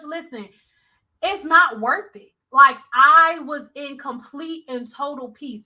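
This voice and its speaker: A woman hairstylist telling a blunt, animated storytime, acting out the people she quotes. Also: sits high, poor audio. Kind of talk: storytime vlog.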